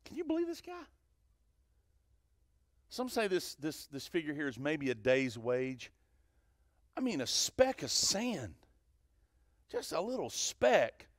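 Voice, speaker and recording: A male pastor preaching a sermon in church, animated, swinging from loud to hushed and questioning the congregation. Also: a little high, no echo, studio quality. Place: church sanctuary.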